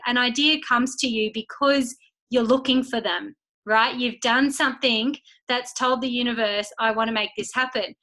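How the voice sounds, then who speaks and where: A woman's voice: a little high, bright, forceful tone, low-quality recording. A young woman giving a chatty motivational talk to her team, acting out little inner voices and phone calls. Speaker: team leader speaking to her business team.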